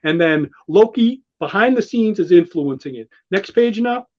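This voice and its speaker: A man hosting a show, gushing excitably in casual commentary that rambles with restarts. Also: sits high, moderate pace. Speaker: show host walking through a comic. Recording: dull lo-fi sound.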